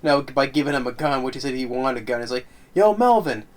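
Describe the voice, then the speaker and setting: A man giving a casual, rambling film commentary, halting and stumbling over his words. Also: mid-range voice, little pitch movement. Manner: rambling, halting, laughs often. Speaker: fan commentator.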